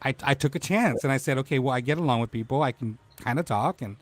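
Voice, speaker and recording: A man's voice: mid-range voice, fast. A man hosting a casual livestream talk show, upbeat and greeting viewers by name.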